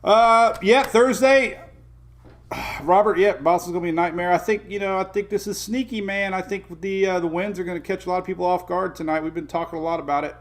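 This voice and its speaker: A man's voice: high-pitched, brisk. A middle-aged man hosting a casual morning weather livestream, chatting with viewers, greeting them by name and chuckling often.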